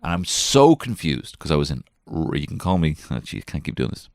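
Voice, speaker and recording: A man with a very deep, gravelly voice, recorded close and dry. He rambles through a comic story, swearing freely and laughing at himself. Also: big pitch swings, brisk, darkish tone, no echo. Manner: swearing, self-mocking, jumps between put-on voices. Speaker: comedian podcast host. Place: small garden shed.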